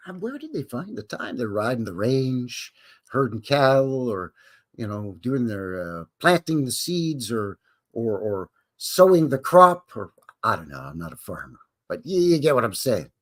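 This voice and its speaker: A man's voice: medium pitch, big pitch swings, a little slow. A man hosting a live stream, greeting viewers in a jokey, folksy way with cowboy slang. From Canada. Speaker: livestream host. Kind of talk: casual live-stream chat.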